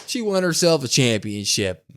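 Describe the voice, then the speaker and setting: A young man co-hosting a podcast, recapping a wrestling episode in casual, animated chat. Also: mid-range voice, moderate pace, a little hiss or hum. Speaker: podcast co-host.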